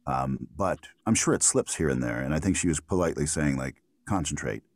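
A man's voice: extremely low pitch, brisk, dry recording, clean studio sound. A middle-aged American man who works as a voiceover artist, talking at ease in an interview and giving thoughtful, rambling answers full of restarts and fillers. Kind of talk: relaxed conversational interview.

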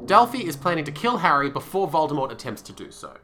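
A man co-hosting a podcast in casual chat, asking questions and throwing in deadpan jokes. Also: on the high side, fast talker, a little hiss or hum. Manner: joking, deadpan quips, questioning. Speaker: podcast co-host.

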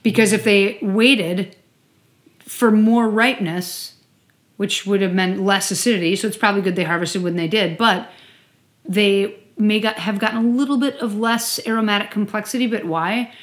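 A woman co-hosting a casual chat while tasting wine, talking fast and loose, swearing and filling her sentences with "like". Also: mid-range voice. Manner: chatty, heavy use of "like", swears casually. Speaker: podcast co-host.

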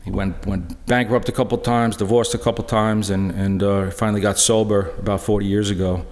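A middle-aged man giving a personal testimony talk in a church, halting and earnest, full of restarts. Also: fairly low pitch, little pitch movement, a little mellow. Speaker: lay speaker sharing a personal witness. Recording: echoey church hall.

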